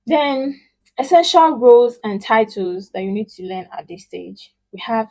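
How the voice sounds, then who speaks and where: A woman with a warm, fairly high voice teaches a spoken language lesson. She patiently repeats words, modeling pronunciation with emphatic, drawn-out syllables so learners can echo her.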